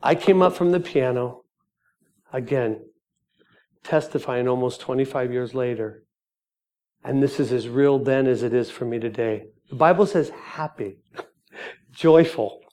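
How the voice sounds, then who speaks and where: A middle-aged man giving a sermon testimony, moving from quiet reflection to fast, excited storytelling. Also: medium pitch.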